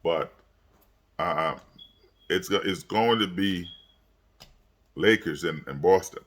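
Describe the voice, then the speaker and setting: A man's voice: sits low, slow pace, fairly bright tone. A tired young man, yawning late at night, rambling through a casual sports recap with lots of fillers and repeated words. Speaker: sports vlogger. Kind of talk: casual sports commentary vlog.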